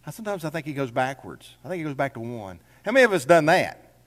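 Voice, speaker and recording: A man's voice: fairly high pitch, sing-song, fast talker, in a large hall. A man preaching a sermon as a pastor in a church, folksy and conversational with rhetorical questions. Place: church sanctuary.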